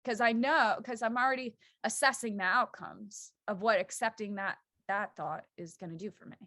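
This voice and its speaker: A woman's voice: medium pitch, fairly even intonation, normal speed, bright, forceful tone, no echo, studio quality. A woman who teaches yoga, a guest on a podcast, explaining earnestly and acting out the thoughts that run through her head. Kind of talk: casual chat.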